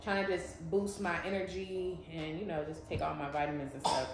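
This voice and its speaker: A woman's voice: low-pitched, level tone, a little fast. A woman co-hosting a family vlog, chatting straight to the viewers. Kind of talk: casual vlog chat. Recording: echoey room.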